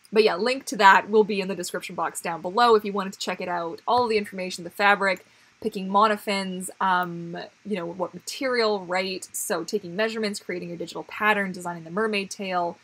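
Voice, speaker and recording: Woman streamer, casual chat to viewers, husky and breathy, chatty with frequent restarts. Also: medium pitch, a bit bright. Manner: chatty, rambling, many fillers and restarts, laughs often. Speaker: livestream host. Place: home.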